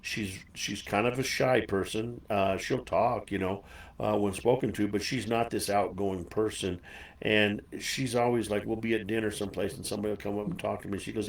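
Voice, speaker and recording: A man's voice: fairly low pitch, fairly even intonation, normal speed, gravelly, echoey room, far from the mic. A man hosting a casual chat interview, folksy and chatty, laughing easily. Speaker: show host.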